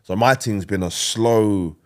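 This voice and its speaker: A man with a fairly low voice talks through his stories as an interview guest. He's animated and slangy, tossing in quick asides as he goes. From London, England. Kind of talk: casual interview chat.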